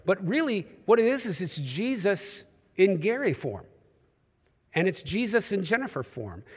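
A man's voice: a little high, in a large hall. A man with a New York accent preaching a sermon in a church, with humorous, conversational storytelling. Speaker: pastor. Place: church auditorium.

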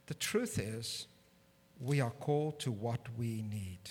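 Animated male preacher in a reverberant hall. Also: medium pitch, unhurried, slightly rough. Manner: animated, rising to loud emphatic peaks; humorous, self-deprecating asides. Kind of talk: sermon.

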